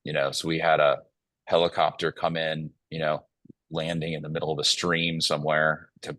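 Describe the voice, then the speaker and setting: A man's voice: extremely low pitch, fairly bright tone, no room sound. A man speaking as a company CEO guest, telling a long story in an earnest way with plenty of fillers. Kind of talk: casual panel talk, telling a story.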